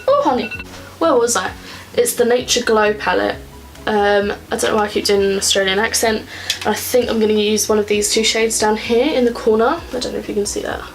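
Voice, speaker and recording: A young woman talks through her makeup at home in a loose, rambling way. Her words are scattered with "like" as she chats to the camera. Soft music plays faintly underneath. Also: medium pitch, rough recording. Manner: chatty and rambling, many filler "like"s. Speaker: beauty vlogger. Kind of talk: casual get-ready-with-me chat. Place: at home, indoors.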